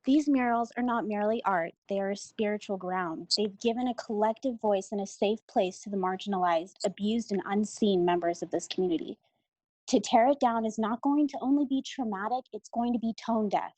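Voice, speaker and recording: A woman's voice: mid-range voice, a little fast, darkish tone, no room sound, poor audio. A woman calling in to a council meeting, giving a prepared public comment in an earnest, emotional way.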